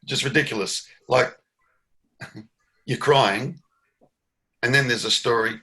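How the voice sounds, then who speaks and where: A man's voice: medium pitch, takes it slowly, bright, forceful tone. A man leading a satsang dialogue as a spiritual teacher, reflective and emphatic, often laughing, on a video call.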